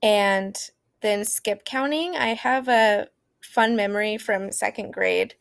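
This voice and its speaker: Woman with a gravelly, dry voice. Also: mid-range voice, takes it slowly, dry recording. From Oklahoma. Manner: casual, hesitant with many fillers. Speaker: teacher. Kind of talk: informal lesson on early math.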